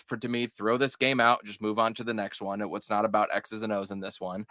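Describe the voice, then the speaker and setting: A man who is a coach, guesting on a sports podcast and talking in an animated way, swearing and restarting his words. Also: fairly low pitch, fairly quick, slight background noise. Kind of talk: casual sports podcast chat.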